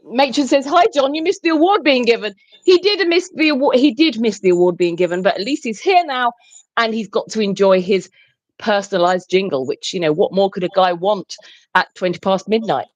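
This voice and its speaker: A woman's voice: medium pitch, expressive, a little fast, no room sound, lo-fi sound. A woman co-hosting a late-night live stream, giggling often and reading out viewer comments. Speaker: co-host reading live chat.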